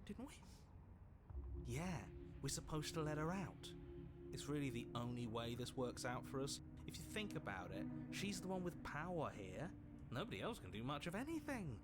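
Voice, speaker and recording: A man's voice: mid-range voice, sing-song, moderate pace, loud music behind the voice, natural voice. An actor playing a disembodied male game narrator and the hero's anxious inner voices, speaking with urgent, searching shifts of tone. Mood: uneasy.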